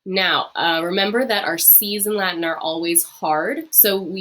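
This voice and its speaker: A woman with a slightly low voice leads a recorded online lesson. She says phrases slowly and clearly for learners to repeat. In between she explains them in a friendly, informal way, with the odd um and uh. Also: a bit bright. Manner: slow, drawn-out modelling of phrases to repeat. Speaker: Latin teacher.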